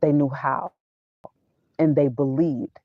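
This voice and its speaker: A woman's voice: low-pitched, fairly even intonation, slow pace, no room sound. A woman vlogger giving a casual spiritual talk in a preachy way, quoting scripture and mixing in casual slang. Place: inside her van. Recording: dull, dry sound.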